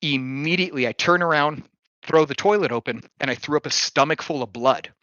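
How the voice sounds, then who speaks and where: A man with a bright, fairly high voice spins a casual story on his podcast, cursing freely and chuckling along the way. The sound is dry and close, with a slightly muffled, dull tone. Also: brisk, dry recording. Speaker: podcast host telling a story.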